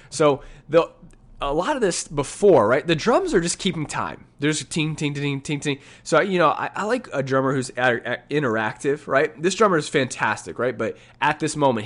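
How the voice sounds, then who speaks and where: A man's voice: medium pitch, fairly bright tone. A man teaching, breaking down his recorded piano solo in a casual way, scatting rhythms aloud and often asking "right?", with faint piano under him. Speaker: music teacher. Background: faint piano music.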